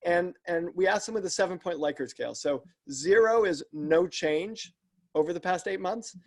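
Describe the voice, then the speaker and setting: A man with a fairly high voice talks as a podcast guest about his coaching work. He explains earnestly and methodically, circling back and restarting his sentences as he builds each point. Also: normal speed, darkish tone. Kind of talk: explanatory interview talk.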